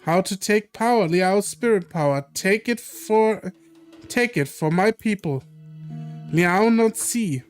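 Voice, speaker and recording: A streamer voicing a terse male clouded leopard spirit who speaks in broken, halting phrases, a little higher than their own voice. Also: lively intonation, smooth, faint music behind. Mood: pleading.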